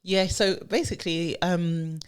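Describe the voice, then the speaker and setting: A woman's voice: lowish voice, fairly even intonation, measured pace, smooth. A woman co-hosting a podcast, chatting casually and laughing easily. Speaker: podcast co-host. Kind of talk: casual chat.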